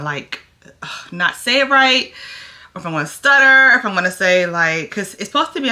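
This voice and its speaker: Getting ready on camera, a nervous woman in her thirties chats casually and plays both parts of a conversation herself. This vlogger's voice sits on the low side and has a sharp tone.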